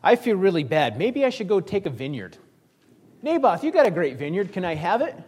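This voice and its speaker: A man's voice: sits high, big pitch swings, a little fast, a little mellow, slightly rough, pitched above the performer's own voice, full character voice. A petulant grown king who whines and sulks in a raised voice, put on by a male preacher, pushing his words out with spoiled self-pity. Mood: whiny.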